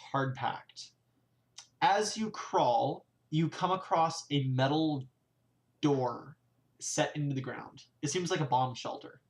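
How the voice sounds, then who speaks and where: A man narrating a live-streamed tabletop game as game master, in a loose style full of fillers and restarts. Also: a little high.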